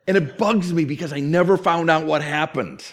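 A middle-aged pastor whose voice sits on the high side preaches at a moderate pace. He brings his stories to life animatedly, acting out what people said.

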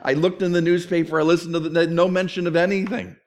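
A middle-aged man preaches a sermon, his voice sitting a little high for a man. He tells stories with energy and slips into the voices of the people in them. It is a pastor's delivery, built for a congregation. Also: fast talker. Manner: animated storytelling with acted-out quotes.

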